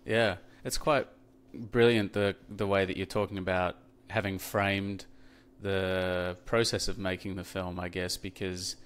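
A man's voice: deep voice, little pitch movement, unhurried, fairly bright tone, clean tone. A man hosting a podcast interview, asking questions in a hesitant, thoughtful way with many fillers. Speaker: podcast host. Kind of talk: casual interview chat.

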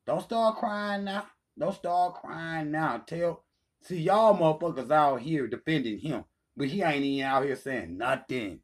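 A man's voice: on the high side, animated, measured pace. Taunting, profane man ranting. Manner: taunting, heated, swearing freely. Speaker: channel host. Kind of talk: profane ranting callout video.

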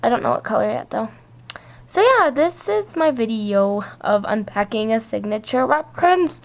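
A woman's voice: fairly high pitch, sing-song, moderate pace. A teenage girl filming an unboxing vlog at home, gushing and squealing with delight, in a slightly muffled home recording. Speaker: vlogger. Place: outdoors at home, later indoors.

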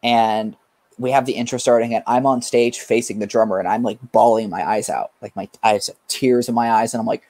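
A man's voice: medium pitch, steady tone, brisk, dark tone, dry recording. A young man from California, a guest musician, telling a rambling story in a casual chat with fillers and swearing.

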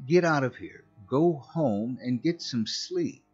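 Grumpy scolding security guard guy done by a man, slow and kinda husky, muffled audio. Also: medium pitch, animated, darkish tone, soft background music. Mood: annoyed. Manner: irritated, scolding. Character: annoyed male security guard coworker, curt.

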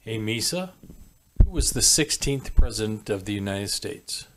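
Male host, low pitch, plain walkthrough of a gadget, faint background noise. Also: animated, measured pace. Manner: plain, step-by-step, speaks commands to the device. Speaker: video host testing a robot. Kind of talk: casual product demo.

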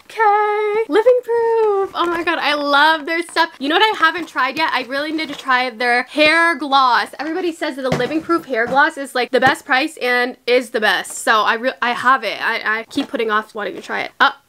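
A woman's voice: sits high, normal speed, hardly any pauses, pushed and bright. A young woman in her twenties from Canada, a beauty vlogger chatting casually and gushing through an unboxing haul with slang and squeals. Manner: bubbly, gushing, slangy, frequent gasps and squeals.

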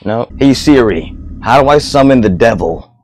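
A man's voice: mid-range voice, expressive, normal speed, a little mellow, no room sound. A young man hosting his own comedy vlog, rambling goofily and talking to himself. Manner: goofy, rambling self-talk. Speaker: host.

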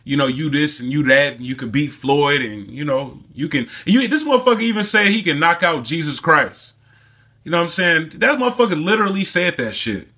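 A man rants through a casual sports vlog, swearing freely and mocking his target with heat. His voice sits slightly high, with a tense, bright edge. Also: lively intonation, brisk. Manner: profane, heated and mocking. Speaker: sports commentary vlogger. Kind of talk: casual ranting commentary.

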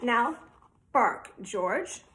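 A woman voicing a firm, patient mother dog in a children's picture book, speaking in a loud, high, insistent voice. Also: expressive, extremely slow, heavily acted.

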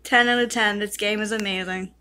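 A gaming YouTuber casually comments on the game she's playing, giggling, dissolving into helpless laughter, and talking to both the characters and her cat. Her mid-range voice is a little fast and sharp-toned, with fairly even intonation.

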